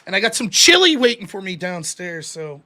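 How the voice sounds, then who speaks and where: A chatty male host with a Pittsburgh accent, his voice high and bright. He talks loosely and swears often as he takes calls. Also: sing-song, fairly quick. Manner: chatty, swears freely, playful. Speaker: call-in show host. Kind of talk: casual chat.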